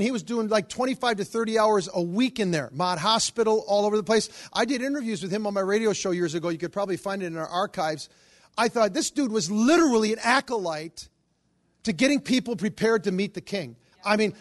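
A middle-aged man preaching and telling a story in an animated way, acting out the voices of the people in it. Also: sits high. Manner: animated, acts out quoted voices. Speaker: Catholic charismatic preacher. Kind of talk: storytelling sermon.

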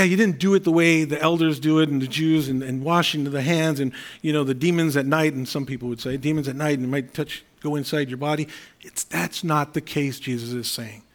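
A man preaching an earnest, conversational sermon, explaining scripture and Greek words. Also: a little high. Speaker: pastor.

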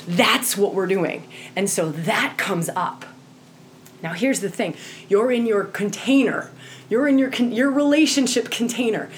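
A woman's voice: mid-range voice, slight background noise. A woman teaching tantra to a group in an impassioned way, often checking in with "right?" and acting out quoted voices.

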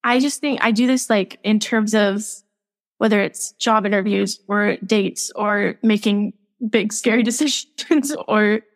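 A young woman talks as a guest on a podcast in a casual, open way. Her sentences are full of "like" and small laughs as she explains herself. Her voice sits at an ordinary pitch for a woman. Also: unhurried. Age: young adult. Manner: candid, laughs often, filler-heavy.

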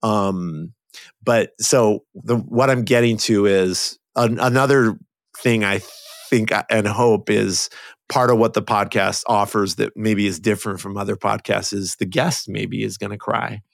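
A man's voice: lowish voice, steady tone, vocal fry, no room sound. Man hosting a podcast, dry sound. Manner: warm, halting, many fillers. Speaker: podcast host. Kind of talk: casual interview chat.

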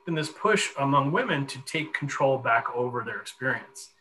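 A man in his forties telling a long personal story in a podcast conversation, animated and full of fillers. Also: medium pitch, moderate pace, a little hiss or hum, poor audio. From Connecticut. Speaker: guest.

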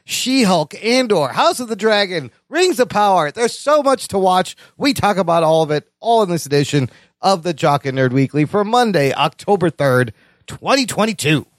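High-voiced joking male podcast host. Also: sing-song, normal speed, dry recording, clean studio sound. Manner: joking, laughs often. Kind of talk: casual chat.

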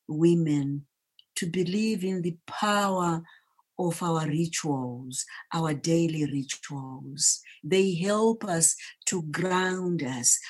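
Zimbabwean woman telling her story, slow and deliberate, leans on her words. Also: fairly low pitch. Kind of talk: storytelling talk.

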